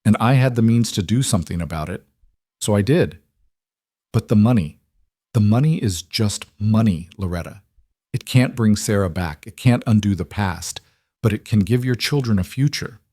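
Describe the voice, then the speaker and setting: A man voicing a gentle, earnest cowboy rancher whose quiet voice is rough with old grief. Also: fairly low pitch, expressive, normal speed, no room sound, studio quality. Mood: grieving. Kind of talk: audiobook character reading.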